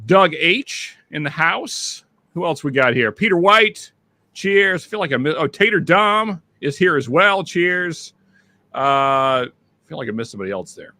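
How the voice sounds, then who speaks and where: A man hosts a casual livestream, rattling off greetings to viewers by name in a bright, forward voice. His nose sounds a little stuffed up, and the close mic is dry with no room sound. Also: fairly high pitch, lively intonation, no room sound. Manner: chatty, reads out viewer names with quick greetings. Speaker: livestream host. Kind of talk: casual chat.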